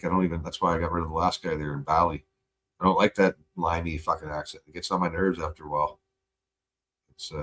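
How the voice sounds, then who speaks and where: A man's voice: sits low, fairly bright tone, a little hiss or hum. A male livestream host in a profane, rambling casual rant, laughing often.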